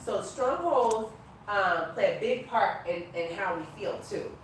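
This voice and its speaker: A woman leads an informal Bible class with lively, playful energy, laughing and calling out to her listeners as she reads. Her voice sits in the middle range and rings through a big reverberant room, caught from a distance by the mic, with a faint hiss under it. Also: medium pitch, unhurried. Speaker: prophetess teaching a class. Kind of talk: casual Bible teaching. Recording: echoey room recorded from far off.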